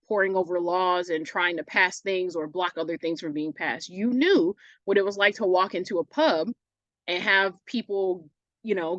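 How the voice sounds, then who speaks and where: A woman's voice: lowish voice, fairly bright tone, no echo. Casual woman teacher, dull dry recording. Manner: casual, self-correcting, fillers like "like" and "right?". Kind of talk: recorded online English lesson.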